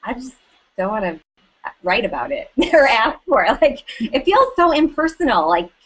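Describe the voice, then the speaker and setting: Upbeat, slightly high-voiced woman host. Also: big pitch swings, fairly bright tone, slightly rough, rough recording. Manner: upbeat, quick affirmations and easy laughter. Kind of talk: casual interview on a web show.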